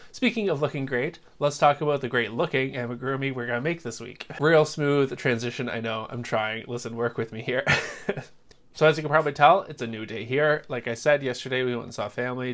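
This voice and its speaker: A young adult man from Canada talks to the camera in a relaxed, chatty vlog voice at a mid pitch. He jokes about himself and drifts into friendly asides. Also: fairly quick. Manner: chatty, self-deprecating, jokey asides. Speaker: crochet vlogger. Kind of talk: casual vlog chat.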